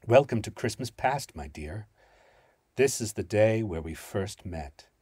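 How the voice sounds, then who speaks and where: A man voicing a ghostly woman spirit, tender yet vengeful, speaking softly and in riddles in a dramatic story reading. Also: on the low side, lively intonation, husky, no echo, clean studio sound. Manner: soft, measured, riddling.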